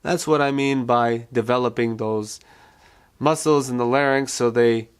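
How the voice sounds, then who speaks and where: A male vocal coach giving a calm, reassuring singing lesson and walking beginners through vocal exercises. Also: mid-range voice, measured pace, smooth. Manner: calm, reassuring teaching with repeated phrases.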